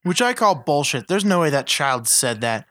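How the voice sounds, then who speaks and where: A man's voice: a little high, big pitch swings, moderate pace, fairly bright tone, no room sound. A man co-hosting a podcast, chatting bluntly and profanely as he dismisses a movie. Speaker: podcast co-host. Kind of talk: casual movie chat.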